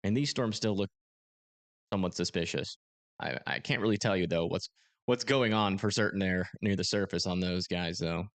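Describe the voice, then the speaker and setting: A young man hosting a live storm-tracking stream, talking casually and haltingly with many fillers as he reads radar. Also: low voice, no echo. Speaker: storm-tracking livestream host. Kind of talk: live weather commentary.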